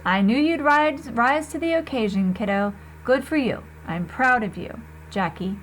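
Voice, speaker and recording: A woman voicing a patient but firm mother of two boys, gently scolding and earnest. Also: a little high, expressive, a little slow, a little hiss or hum, low-quality recording. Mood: proud.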